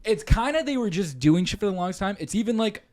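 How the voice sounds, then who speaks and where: A podcast co-host, a man whose voice sits a little high and swings widely in pitch. He talks casually in a studio, animated and cursing freely. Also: fast talker. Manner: animated, swears a lot.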